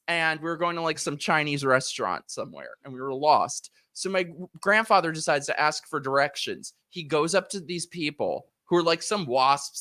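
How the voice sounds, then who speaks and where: A man's voice: on the high side, bright, forceful tone, no room sound, studio quality. A man hosting a live stream, chatting casually and animatedly, laughing and mimicking people in his stories. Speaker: streamer host.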